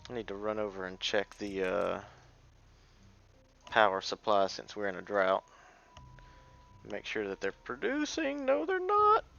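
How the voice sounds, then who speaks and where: Gravelly man thinking aloud over gameplay. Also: fairly low pitch, sing-song, measured pace, long pauses, a bit bright, muffled recording. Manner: thinks aloud while playing, mutters half-sentences. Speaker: let's play streamer. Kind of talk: casual gameplay commentary.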